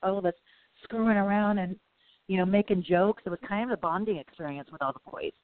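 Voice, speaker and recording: A woman guest in a casual interview, telling stories in a rambling, animated way. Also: medium pitch, brisk, no room sound. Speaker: podcast guest. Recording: phone-like line with faint hiss.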